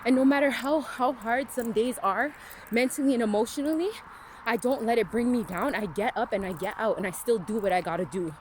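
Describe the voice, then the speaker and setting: A woman's voice: fairly high pitch, brisk, a little hiss or hum. A woman giving a candid motivational monologue to camera, frank and emphatic, swearing freely and often asking "right?". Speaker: motivational vlogger.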